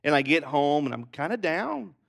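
A male pastor preaching a sermon, telling stories with animated delivery and joking asides. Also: fairly high pitch, moderate pace, vocal fry. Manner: animated storytelling, jokey asides.

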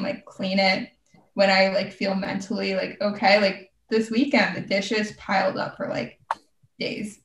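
A woman's voice: mid-range voice, fairly bright tone. A young woman talking casually and rambling, saying "like" constantly as she tells a personal story. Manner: rambling, heavy use of "like". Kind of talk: casual chat. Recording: roomy, distant from the mic.

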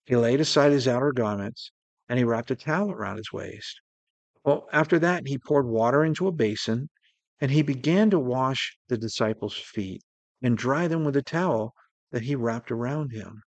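Man, sermon, earnest, drawn-out emphasis, mid-pitched voice, dry close sound. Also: no room sound, lo-fi sound. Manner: earnest, slows down to stress key words. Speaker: preacher.

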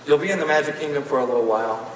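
A man preaches with folksy, animated storytelling, his voice a little on the high side. He is heard from some distance in a large hall with long reverb, and faint ambient sound sits underneath. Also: racing, a little hiss or hum. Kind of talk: sermon storytelling. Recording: echoey hall, voice from afar.

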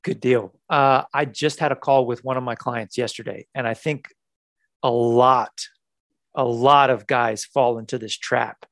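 A man coaching on a podcast, animated and repeating words for emphasis as he acts out conversations. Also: mid-range voice, unhurried, no echo.

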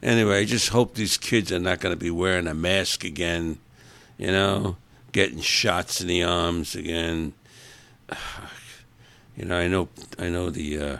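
A man's voice: low-pitched, creaky, a bit bright. A man hosting a podcast, talking in a casual, rambling monologue, opinionated and grumbling. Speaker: podcast host.

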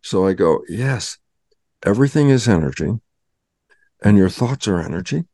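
An older man, a guest scientist, explaining in an animated storytelling way and acting out both sides of his own dialogues. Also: on the low side, normal speed, dry recording, clean studio sound.

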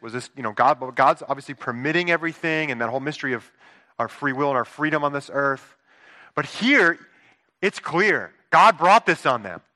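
A man in his thirties delivers a sermon in an earnest, conversational way, often checking in with his listeners. His voice sits a little high for a man and sounds bright and forceful. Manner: earnest, conversational preaching with rhetorical asides. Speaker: pastor.

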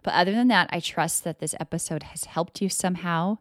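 Low-voiced woman coaching with emphatic energy. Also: fairly quick, dry recording, clean studio sound. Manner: emphatic, swings into loud mock voices; casual, swears freely. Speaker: podcast host and energy coach. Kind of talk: motivational solo podcast talk.

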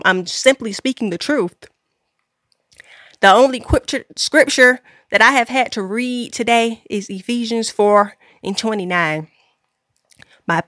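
A woman hosts a faith podcast. She speaks earnestly, repeating her key lines with a preacher's emphasis. Her voice sits at a middle pitch, close and dry with no room sound. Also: bright, forceful tone, dry recording. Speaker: podcast host. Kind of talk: faith-based exhortation.

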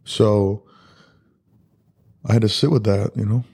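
A man as a podcast guest, telling his life story in a loose, candid way, halting and full of "like" and "dude". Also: lowish voice, fairly even intonation, gravelly, slightly rough. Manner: soft-spoken and candid. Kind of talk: personal life story in a casual podcast interview.

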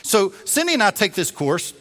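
High, bright-voiced male pastor in a hall. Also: moderate pace. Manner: animated, acts out quoted voices. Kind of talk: storytelling sermon. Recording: long reverb of a large hall.

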